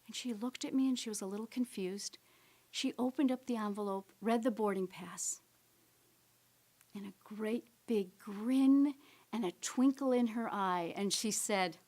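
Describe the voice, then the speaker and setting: A middle-aged woman telling a personal story from the stage during a keynote. Her pitch sits in an ordinary middle range, and her delivery is gentle. She sinks into soft whispers when the story turns tender. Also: measured pace. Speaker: keynote speaker. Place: stage presentation.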